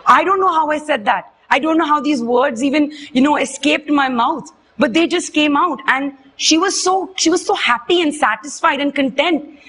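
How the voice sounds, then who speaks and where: A young woman, earnestly retelling a personal experience in halting, emotional speech. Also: sits high, fairly bright tone. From India. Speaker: witness giving testimony. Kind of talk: personal testimony.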